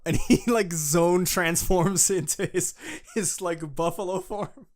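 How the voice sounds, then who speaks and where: A young man co-hosting a casual fan podcast, excitable, laughing often and swearing as he recaps. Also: a little high, measured pace, hardly any pauses. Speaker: podcast co-host.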